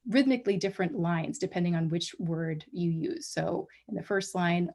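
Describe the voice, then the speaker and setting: A woman giving an academic colloquium talk over a video call, measured and full of small restarts. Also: fairly low pitch, a little mellow. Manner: measured, many ums and restarts. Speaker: guest lecturer.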